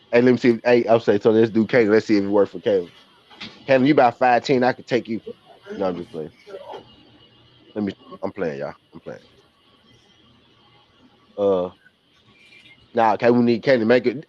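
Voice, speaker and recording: A man's voice: mid-range voice, brisk, long pauses, a little mellow, no echo. A man with a Southern US accent, casually joking and trash-talking as he hosts a live basketball watch party stream. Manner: joking, trash-talking, slangy, laughs often. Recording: dull lo-fi stream audio.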